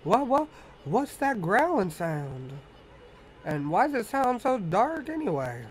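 A man's voice: high voice, big pitch swings, takes it slowly, a little hiss or hum, exaggerated voice, rough recording. A man voicing a boastful tiny male wandering artist, reading game dialogue aloud in a brash, cocky manner.

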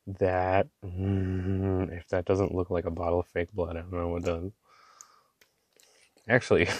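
A man chatting casually while swatching inks, gushing and excitable, with slangy talk and lots of fillers. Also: low voice, no echo. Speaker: ink swatching vlogger.

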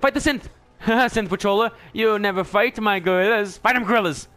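A young man giving excitable let's play commentary, often yelling and laughing at the game. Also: high-pitched, moderate pace. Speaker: gameplay commentator.

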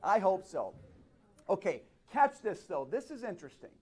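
A man from Minnesota giving a conference speech on stage, telling stories with dramatic pauses. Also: high-pitched. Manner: animated storyteller, dramatic pauses. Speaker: speaker at a conference. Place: stage at a live event.

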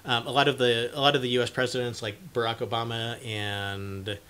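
A young man giving casual advice to camera, speaking haltingly with many fillers and restarts, and growing animated when he acts out an excited parent. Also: medium pitch, clean tone. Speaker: video presenter on cluttering.

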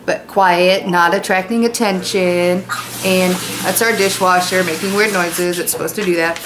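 A woman's voice: on the low side, steady tone, moderate pace, background noise. A woman teacher at home reading a novel aloud to her students, stopping for chatty asides that explain words. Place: at home, kitchen nearby.

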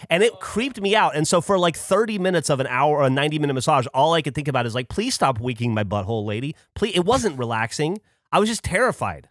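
A man co-hosting a podcast, telling a long story in casual chat with lively, animated delivery and free swearing. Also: a little high, fast talker, few pauses, no echo, clean studio sound. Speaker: podcast co-host.

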